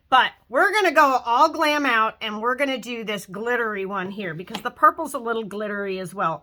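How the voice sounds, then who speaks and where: A woman's voice: a little high, pushed and bright. A woman in her fifties giving a casual makeup tutorial at home, chatty and talking while she works, trailing off into fillers. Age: 50s. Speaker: makeup vlogger.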